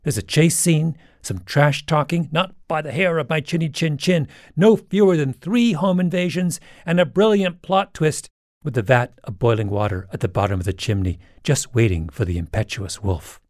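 A man's voice: fairly high pitch, normal speed, darkish tone, no echo, studio quality. A man hosting a podcast, delivering scripted storytelling narration in a wry, dramatic way. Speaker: podcast host.

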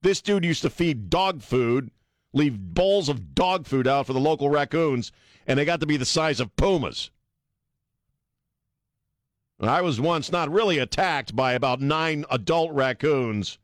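A man's voice: a little high, animated, measured pace, no room sound. A man hosting a talk radio show, ranting emphatically and laughing with his co-hosts. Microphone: studio mic.

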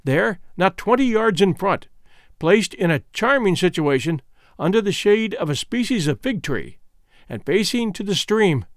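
Brief: male audiobook reader, high animated voice, measured storytelling, dry booth sound. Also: no echo. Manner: measured first-person storytelling. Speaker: audiobook narrator. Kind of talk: scripted narration.

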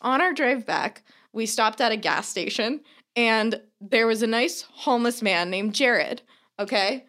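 A young woman co-hosting a podcast, telling a long, animated anecdote in casual chat, full of fillers and swearing. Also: on the high side, measured pace. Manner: animated storyteller, filler-heavy, swears freely. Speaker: podcast co-host.

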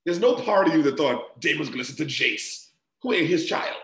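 Excitable man in a roomy space. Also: on the high side, fairly quick. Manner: excitable, slangy banter. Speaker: podcast co-host. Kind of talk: casual chat.

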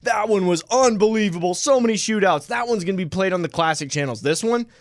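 A man's voice: sits high, animated, fast talker, no echo, studio quality. A man co-hosting a radio show, chatting casually about football and addressing listeners as folks. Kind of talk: casual sports chat.

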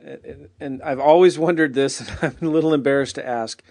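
A man's voice: mid-range voice, fairly quick, darkish tone, no room sound. A man hosting a casual podcast, upbeat and joking as he asks his guests questions. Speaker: podcast host.

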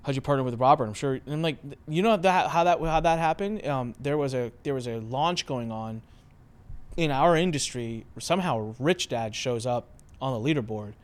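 Male podcast host, mid-range voice, lively storyteller who acts out the dialogue. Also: moderate pace, clear, resonant tone. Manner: animated, acts out quoted exchanges with big pitch jumps. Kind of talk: casual conversational storytelling.

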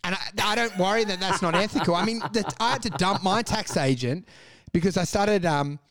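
A man's voice: high-pitched, a little fast, a bit bright, no echo. A man in casual chat, ranting with lots of swearing and acted-out voices. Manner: profane, ranting, acts out voices.

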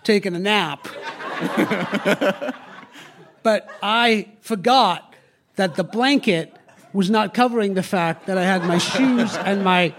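Man, high voice, very slow delivery, live audience. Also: a bit bright. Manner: slow, deliberate, laughing through punchlines. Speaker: storytelling contestant. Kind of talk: comic personal storytelling. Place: stage before a live audience.

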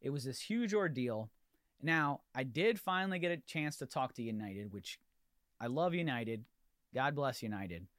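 A man hosting a podcast, telling an animated, exasperated story in a ranting solo monologue with many restarts. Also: mid-range voice, moderate pace, no echo, studio quality. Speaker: podcast host.

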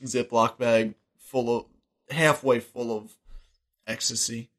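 A young man with an ordinary mid-range voice in relaxed conversation, filling in plot details and backing up his co-host with quick remarks. His delivery is loose and unhurried. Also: medium pitch. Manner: chiming in with short details and laughter. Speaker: podcast co-host. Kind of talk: casual movie recap chat.

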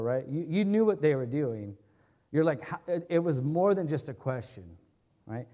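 Guy preaching a sermon, kinda high but mellow warm voice, chatty, keeps saying right?. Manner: conversational, often checks in with "right?"; earnest, explains and restates points. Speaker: pastor. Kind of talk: expository sermon.

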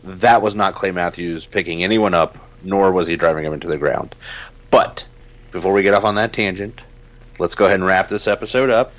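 A man co-hosting a podcast, talking casually and ranting with emphatic, animated energy. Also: deep voice, fairly quick, rough recording. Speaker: podcast co-host.

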